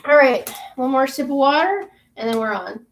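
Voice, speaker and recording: A woman's voice: high voice, expressive, normal speed, vocal fry, a little hiss or hum. A woman reading a science fiction novel aloud on her channel, casual and chatty between passages. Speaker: booktube reader.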